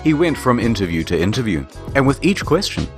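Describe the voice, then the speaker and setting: A man's voice: mid-range voice, sing-song, brisk, soft background music. A man narrating a comedic documentary in a dry, sardonic storytelling manner.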